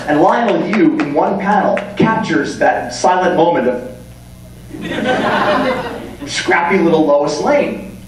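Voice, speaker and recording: A man in his thirties giving a comic, animated talk on writing as a convention panelist, acting out scenes as he goes. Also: a little high, slow pace, pauses often. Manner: animated, jokey, acts out scenes. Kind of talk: comedic lecture. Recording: echoey hall, distant mic, hum.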